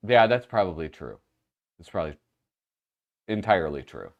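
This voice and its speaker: Animated man from Minnesota, laughing banter. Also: sits low, moderate pace, highs cut off. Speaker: podcast host. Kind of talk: casual chat.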